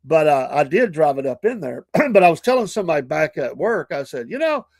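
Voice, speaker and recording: A man's voice: fairly high pitch, very animated, brisk, a little mellow, no room sound. A middle-aged man, hosting a morning show and telling rambling, chatty stories full of asides and self-corrections. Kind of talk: casual storytelling.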